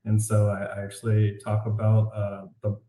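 Animated storytelling man, echoey room. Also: on the low side, moderate pace. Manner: animated, says "like" often, incredulous. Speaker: author guest. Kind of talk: casual storytelling interview. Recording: roomy echo.

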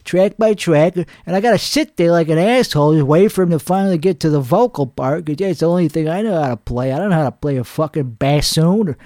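A man playing a crude, boastful male singer, talking in a hoarse voice with a rambling, profane, cocky manner in a comedic character monologue. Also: high voice, darkish tone, dry recording, studio quality. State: hoarse from singing.

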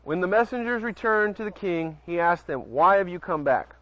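Outdoors at night near a porch, a man preaches casually, reading Bible passages aloud, often stumbling over words and chatting with listeners between lines. His high, expressive voice is fairly bright and moves at a moderate pace, captured in a dull lo-fi recording.

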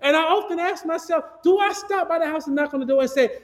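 Man, pastor, very high voice, loud projected preaching, call-and-response, stuffy sinuses, echoey church hall with long reverb. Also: quick pace, hardly any pauses. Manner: projecting loudly without a microphone, call-and-response questions. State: clogged ears and sinus trouble. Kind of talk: sermon. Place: church sanctuary.

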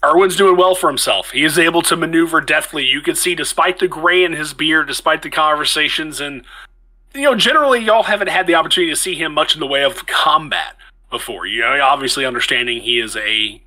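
A man narrating combat as game master of a tabletop game, in a lively, conversational way with frequent restarts. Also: on the high side, a little fast, rough recording.

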